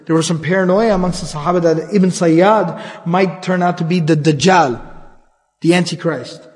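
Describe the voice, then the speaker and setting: A man with a high voice tells a religious story in a casual, chatty manner, with fast stretches of Arabic recitation. His voice carries a long hall reverb. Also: darkish tone. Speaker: religious lecturer. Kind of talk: conversational Islamic storytelling lecture.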